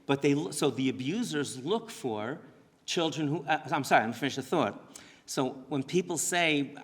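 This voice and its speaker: A rabbi giving an earnest lecture to parents in a synagogue, often restarting and correcting himself mid-sentence. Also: male voice, a little high, animated, normal speed, husky. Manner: earnest, talks in restarts and asides. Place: synagogue hall. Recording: long hall reverb.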